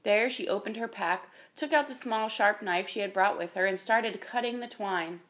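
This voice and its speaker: A woman reading a children's chapter book aloud in a calm, even manner. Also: medium pitch, normal speed. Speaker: reader. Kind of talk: storybook reading.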